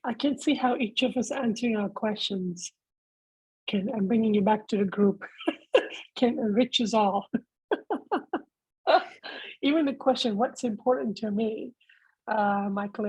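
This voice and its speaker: A woman leading a casual book discussion group, reflective and quick to laugh, calling on members by name. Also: medium pitch, darkish tone, breathy edge, no room sound, low-quality recording.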